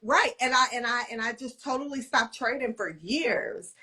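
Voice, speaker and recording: A woman's voice: a little high, moderate pace, a loud crowd. A woman co-hosting a casual chat, telling her story in a reflective way and using "like" often. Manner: reflective, storytelling with many "like" fillers. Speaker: co-host.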